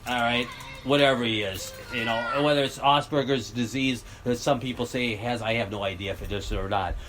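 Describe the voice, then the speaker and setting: A man's voice: medium pitch, a little fast, noisy background. An older American man vlogging outdoors, talking bluntly and joking as he rambles. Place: outdoors near a road.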